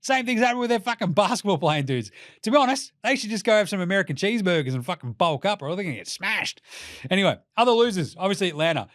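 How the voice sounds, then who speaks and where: A man's voice: high-pitched, big pitch swings, fast talker, a bit bright, no echo, studio quality. A man with an Australian accent hosting a casual basketball commentary show. He talks in a jokey, profane way and mocks teams in put-on voices. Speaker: basketball podcast host.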